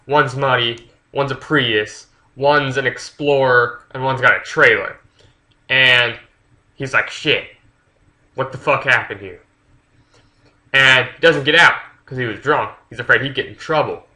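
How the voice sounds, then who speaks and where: Young-sounding guy, very bright, edgy voice, loose rambling plot recap full of fillers and swearing. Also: mid-range voice, measured pace, poor audio. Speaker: book reviewer. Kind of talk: casual plot retelling.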